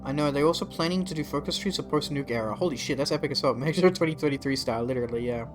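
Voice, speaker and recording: A man's voice: fairly high pitch, racing, over music. A man streaming a strategy game live, chatting casually with his viewers and swearing freely. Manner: casual, profane, talks to chat.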